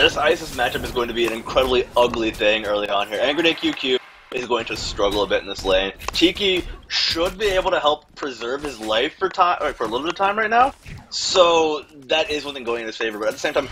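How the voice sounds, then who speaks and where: A man's voice: medium pitch, slight background noise. A man giving play-by-play commentary on a competitive video game match. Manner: rapid, energetic play-by-play calling. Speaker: esports commentator.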